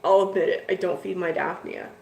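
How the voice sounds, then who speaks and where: Speaking fairly quickly in a lowish, darkish voice with vocal fry, this woman runs a casual fish-keeping stream from a tank-filled room at home. Her talk wanders chattily, heavy on "like" and "dude," and the room echoes with a faint hiss.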